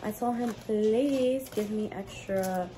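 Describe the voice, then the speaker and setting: A woman's voice: mid-range voice, slow, noisy background. A young woman, chatting casually between bites in a mukbang eating vlog. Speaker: food vlogger.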